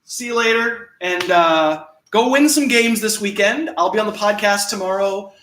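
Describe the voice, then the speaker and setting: A man's voice: high voice, normal speed, a little hiss or hum. A man hosting a casual livestream, reading viewer comments aloud with a chatty, self-deprecating manner and frequent laughter. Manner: chatty and self-deprecating, laughs often, plays and sings along on guitar. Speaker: livestream host. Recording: roomy sound with loud guitar. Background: acoustic guitar playing.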